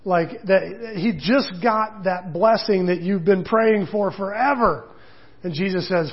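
A man's voice: high-pitched, moderate pace, husky, highs cut off. A man preaching a sermon in a conversational way, with casual asides and quoted voices. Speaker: pastor.

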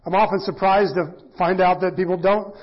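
A middle-aged pastor teaching in a casual, self-deprecating sermon, often acting out quoted voices. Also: male voice, sits high, fairly even intonation, normal speed, husky. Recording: dull lo-fi church audio.

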